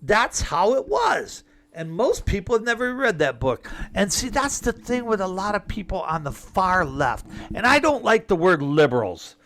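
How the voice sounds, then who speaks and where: A man's voice: high voice, sing-song, moderate pace, few pauses, a bit bright. A man delivering an emphatic, rambling political monologue with sarcastic asides. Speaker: political commentator.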